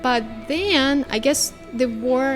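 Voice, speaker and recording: Young woman, Ukrainian accent, podcast guest, slightly high voice, chatty and animated. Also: measured pace, over music. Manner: chatty, animated, searching for words. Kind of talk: casual conversation.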